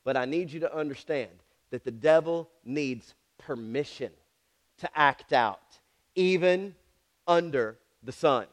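A male preacher with a high voice delivers a dramatic sermon. He repeats key lines, checks in with the congregation, and swings between loud emphasis and hushed drops. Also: lively intonation, measured pace. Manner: dramatic, swings from shouts to near whispers; repetitive, emphatic storytelling with asides to the congregation.

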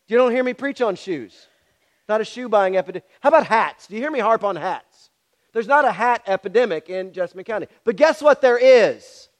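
A man's voice: high-pitched, animated, fairly quick. A pastor preaching a sermon, speaking directly and challenging his congregation with repeated questions.

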